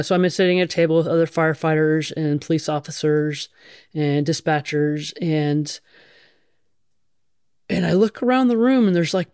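Woman, middle-aged, frank, casual swearing, smooth voice, dry close sound. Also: low-pitched, a little mellow, dry recording. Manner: frank, plain-spoken, swears casually, many restarts. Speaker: guest, firefighter. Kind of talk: candid interview storytelling.

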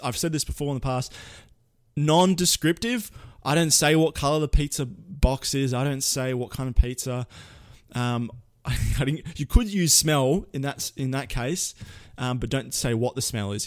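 A young man talks through storytelling tips in a loose, lively tutorial style. His voice sits at an ordinary middle pitch. He stumbles and restarts his sentences often, and the recording is dry and close with no room sound. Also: no echo. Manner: lively, rambling, frequent self-corrections. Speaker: presenter giving storytelling tips. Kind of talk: casual spoken tutorial.

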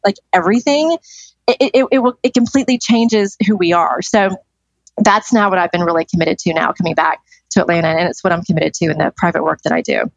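Enthusiastic middle-aged woman, low voice, slightly dull. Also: quick pace, creaky, no echo. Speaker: podcast guest. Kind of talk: casual interview chat.

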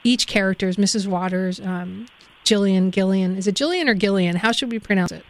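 A woman's voice: mid-range voice, fairly quick. A female radio host asking an author guest questions in an engaged, conversational way. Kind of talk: radio interview.

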